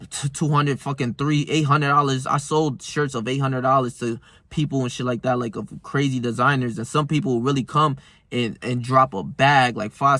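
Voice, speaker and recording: This young man, a self-improvement vlogger, gets heated as he tells stories in a casual monologue, swearing and using plenty of slang. His mid-range voice has a fairly bright tone, and the recording is dry.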